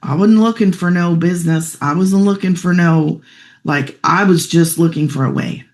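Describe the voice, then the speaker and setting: A woman's voice: on the low side, moderate pace, a little mellow. A middle-aged single mother sharing a personal testimonial, heartfelt and chatty, fighting back tears at times. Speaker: guest sharing her story.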